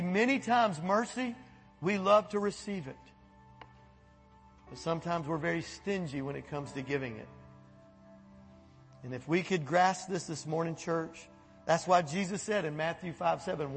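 A pastor preaching a sermon to his church in a folksy, animated way, chuckling and acting out voices as he goes. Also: on the high side, long reverb tail. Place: church sanctuary.

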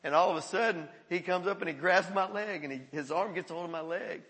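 A male pastor telling stories in a sermon, animated and often chuckling. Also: high-pitched, brisk. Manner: animated storytelling with frequent chuckles. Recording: echoey hall.

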